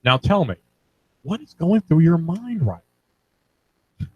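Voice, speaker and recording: A young man impersonating a grave male TV investigative reporter, speaking in a slow, probing, solemn way. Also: on the high side, big pitch swings, darkish tone, husky, muffled recording, pitched above the performer's own voice, exaggerated voice.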